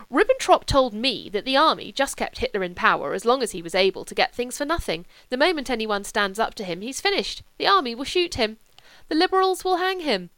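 Brief: a woman voicing a blustering middle-aged male politician in a storybook reading, loud and emphatic, dry close sound. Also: a little high, no room sound. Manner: loud, emphatic, rapid-fire ranting.

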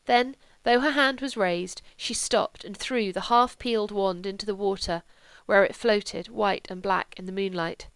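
A woman narrating a literary audiobook in a calm, measured way, dropping to a hush in quiet passages. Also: mid-range voice, clean tone, dry recording.

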